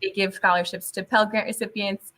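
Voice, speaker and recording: A young adult woman, a teacher guesting on a casual interview, tells animated stories, laughs often and sometimes switches into Spanish. Her mid-range voice is bright and crisp, and she speaks briskly.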